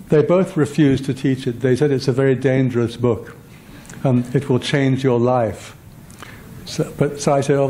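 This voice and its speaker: A man's voice: mid-range voice, dark tone, low-quality recording. An older man giving a public lecture, telling personal stories in a rambling, self-deprecating way with many fillers and restarts. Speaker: guest lecturer.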